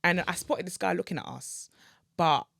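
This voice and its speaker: A woman's voice: on the low side, normal speed, vocal fry, dry recording, studio quality. A woman co-hosting a podcast, chatting casually and telling a story animatedly. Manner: animated, acts out quoted voices. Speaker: podcast co-host.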